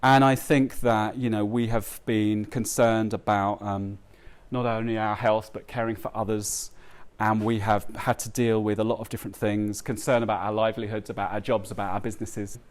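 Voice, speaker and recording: A man giving a heartfelt, halting talk to a live audience at a book launch, with many pauses and restarts. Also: on the low side, little pitch movement, clear, resonant tone. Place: live event before an audience.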